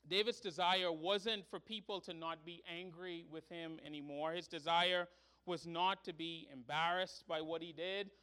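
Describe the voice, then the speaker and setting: Male pastor, high-pitched voice, earnest sermon delivery building to emphatic peaks. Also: pushed and bright, clean tone. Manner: earnest preaching, rising to emphatic pleading.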